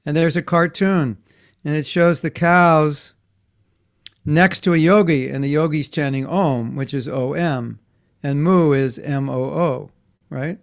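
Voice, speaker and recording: A man teaching a class for children, telling stories in an animated way and acting out the voices he quotes. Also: a little high, measured pace, gravelly.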